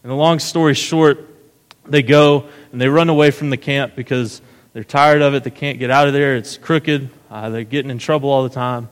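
Pastor, male, mid-pitched voice; casual storyteller in a long-echo sanctuary. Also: fairly even intonation, normal speed, clean tone. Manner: casual storytelling, keeps checking in with "right?". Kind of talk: sermon. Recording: long hall reverb.

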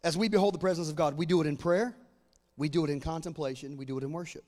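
A man preaching a sermon, moving between fervent shouted proclamation and quieter conversational teaching. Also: on the high side, fairly even intonation, fast talker, long reverb tail.

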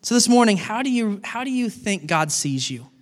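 Pastor, middle-aged man: high-pitched, lively sermon delivery, hall reverb. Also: moderate pace. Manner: animated, acts out dialogue with God.

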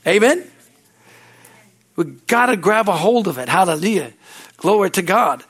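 A man's voice: high-pitched, very animated, a little slow, fairly bright tone, slightly rough. A man preaching a sermon in an emphatic, repetitive style, punctuated with amens and hallelujahs.

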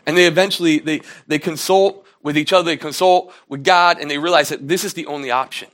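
A young male pastor gives a relaxed, conversational sermon with a slightly higher voice. He slips into the characters' voices as he retells the story. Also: fast talker, hardly any pauses. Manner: casual storytelling sermon, acts out characters' lines.

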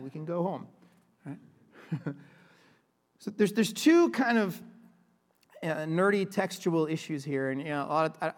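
A man's voice: sits high, long reverb tail. A male pastor giving a sermon in a conversational, joking way, often asking 'right?' as he teaches. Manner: conversational, repeats 'right?' and restarts, playful asides.

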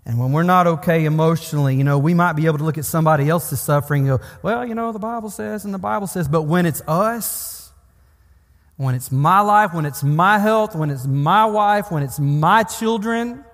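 A man's voice: a little high, normal speed, a bit bright. A man preaching a sermon in an earnest, pastoral way, building emphasis through repeated phrases. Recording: long hall reverb.

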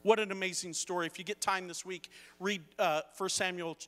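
Bright-voiced preacher in a reverberant hall. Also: male voice, high-pitched, fairly even intonation, brisk. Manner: storytelling, rising to emphatic preaching. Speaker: pastor. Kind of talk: sermon. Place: church hall.

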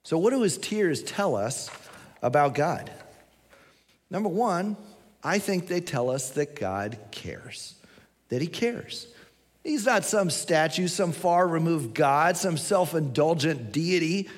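Expressive male preacher, echoing hall. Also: fairly high pitch, slow. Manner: expressive storytelling, swings from hushed to excited. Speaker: pastor. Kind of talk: sermon. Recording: long reverb.

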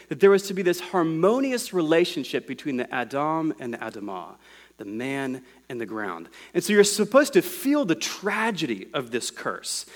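A man with a fairly high voice delivers a sermon to a gathered congregation. He unpacks scripture word by word, teaching as much as preaching. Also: a bit bright. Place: room with a congregation.

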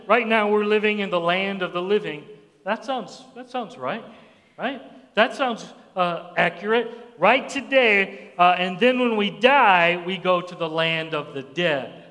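A male pastor preaching a sermon who acts out Bible voices with sudden jumps in pitch. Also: a bit bright. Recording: long hall reverb.

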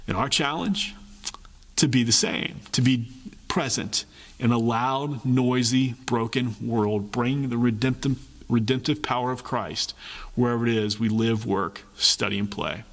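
A man's voice: mid-range voice, measured pace, big-room sound. Man preaching an earnest sermon. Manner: earnest preaching with repeated phrases and frequent pace shifts. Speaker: pastor.

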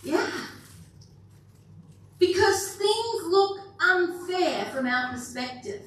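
A high-voiced woman pastor preaching to her church in an easy, chatty manner and quizzing the room as she goes. Her voice bounces around a large, very echoey hall and is picked up from a distance. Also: lively intonation, slow, a bit bright. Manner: conversational and playful, asking the room questions. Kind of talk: sermon.

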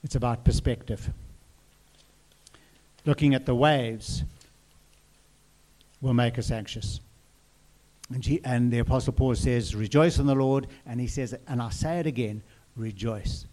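A man's voice: medium pitch, unhurried, long pauses, darkish tone. A man preaching a sermon in an earnest way, repeating phrases and asking the listeners questions.

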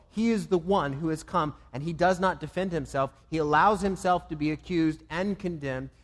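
A man preaching a sermon, swinging between loud emphatic lines and low, quiet ones. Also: big-room sound. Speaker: pastor.

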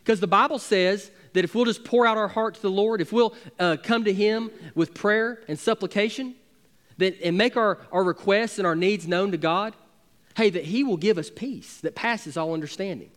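A pastor delivers a sermon in a notably high voice. He preaches emphatically, pressing his points with building force. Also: moderate pace. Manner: emphatic preaching with rising intensity.

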